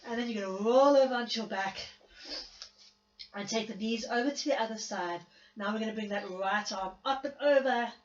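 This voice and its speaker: Woman gently cueing a Pilates class, coughing. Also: fairly high pitch, fairly quick, echoey room, lo-fi sound, a little hiss or hum. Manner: gentle step-by-step cues with self-mocking laughs. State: recovering from illness, coughing at times. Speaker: Pilates instructor. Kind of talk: guided exercise class cueing.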